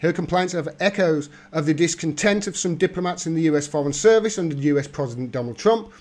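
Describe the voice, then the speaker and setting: Male streamer, high-pitched for a man, reads political news then riffs on it with mocking asides; host energy. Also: fast, darkish tone. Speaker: political commentary livestreamer. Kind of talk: reading news aloud with sarcastic commentary.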